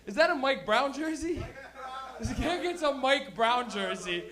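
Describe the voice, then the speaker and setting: A man's voice: very high-pitched, lively intonation, unhurried. A man doing crude, rambling live stand-up comedy as host, acting out characters for a crowd. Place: comedy venue before a live audience.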